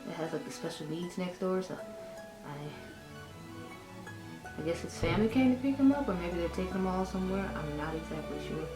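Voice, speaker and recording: A woman rambles casually through a makeup tutorial, calling her viewers y'all. Her voice sits a little low. She is recorded in an echoey room at home, with music clearly audible behind her. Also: fairly quick, long pauses. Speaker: beauty vlogger.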